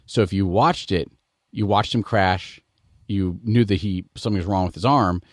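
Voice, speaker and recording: Brief: middle-aged American podcast host with a lowish voice, relaxed and digressive. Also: male voice, normal speed, no echo, studio quality. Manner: rambling, digressive. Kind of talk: casual chat.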